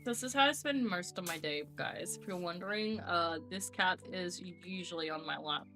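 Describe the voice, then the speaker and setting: Bright-voiced chatty young woman streamer. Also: fairly low pitch, normal speed, faint music behind. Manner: chatty, rambling, cooing to her cat. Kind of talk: casual live-stream chat.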